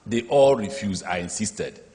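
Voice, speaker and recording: A state governor with a Nigerian accent and a lowish voice speaks a little slowly to an education summit in a large conference hall, heard with heavy hall reverb. A lively storyteller, he fills his speech with anecdotes, acts out their dialogue, and draws laughter from the audience.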